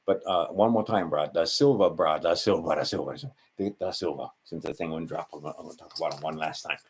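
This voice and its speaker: Speaking quickly in a rumbling low voice over slight background noise, this man hosts his channel alone. His Hawaiian Pidgin-accented monologue wanders, doubles back to fix itself, and drifts into asides aimed at the listener.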